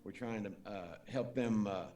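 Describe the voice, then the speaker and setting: A man's voice: fairly low pitch, measured pace, dark tone. Give me a folksy, plain-spoken businessman in an echoey room. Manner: folksy, blunt advice. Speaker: business owner. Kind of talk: interview clip.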